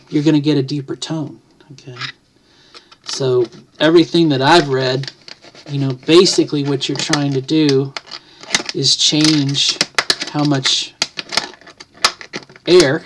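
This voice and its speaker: There's a slight hiss or hum on this very deep-voiced recording of a middle-aged woman vlogging near her kitchen at home. She talks to the camera casually and thinks out loud, rambling and stopping mid-sentence to fix what she said.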